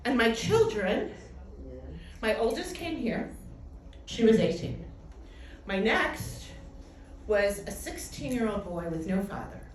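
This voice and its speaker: A middle-aged woman giving a personal testimony talk, telling her story in a lively way and acting out what people said. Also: fairly high pitch, takes it slowly, pauses often. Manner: animated storytelling with acted-out quotes. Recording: echoey hall, distant mic, faint noise.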